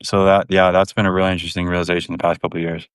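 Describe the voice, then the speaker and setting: Frank, swearing man with a smooth, low voice. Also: level tone, very fast, dry recording, clean studio sound. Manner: frank, swears freely, rambling with restarts. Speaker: podcast guest. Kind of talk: candid casual conversation.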